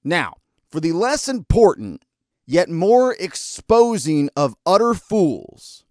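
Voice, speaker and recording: A man's voice: high-pitched, slow, dry recording, studio quality. Sarcastic ranting male podcast host. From American. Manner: sarcastic, scolding and exasperated, hurling insults; mock calm and soothing delivery that breaks into outbursts. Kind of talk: ranting opinion segment.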